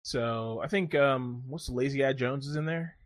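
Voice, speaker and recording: A man's voice: mid-range voice, normal speed, no room sound, clean studio sound. A man co-hosting a casual podcast chat, joking and rambling through a story. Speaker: podcast co-host.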